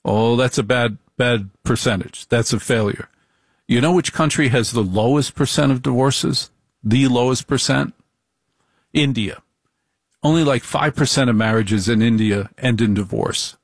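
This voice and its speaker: A middle-aged man giving a comic monologue in a deliberate, repetitive, wry way. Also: mid-range voice, dry recording, studio quality.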